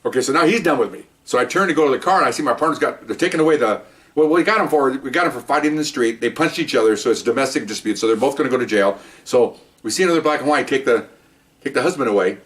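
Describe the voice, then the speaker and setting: A retired police officer tells cop stories in a casual monologue, voicing what people said and chuckling as he goes. He speaks rapid-fire at a medium pitch, recorded from a distant mic.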